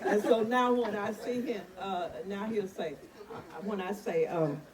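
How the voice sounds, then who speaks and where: A woman's voice: medium pitch, unhurried. A woman speaking as the groom's mother, giving a chatty toast and laughing between sentences. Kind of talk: casual toast. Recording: distant mic in a noisy crowd. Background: crowd of guests.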